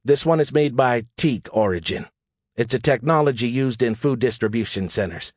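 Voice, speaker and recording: A man voicing a brisk, practical woman logistics officer in an audiobook, explaining in a matter-of-fact way. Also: mid-range voice, expressive, darkish tone, no echo, studio quality, natural voice. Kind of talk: audiobook character voice.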